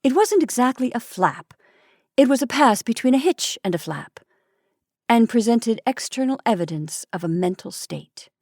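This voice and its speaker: Storytime host, expressive measured reading, mid-range woman's voice, dry close sound. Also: fairly high pitch, no room sound. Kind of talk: reading a classic short story aloud.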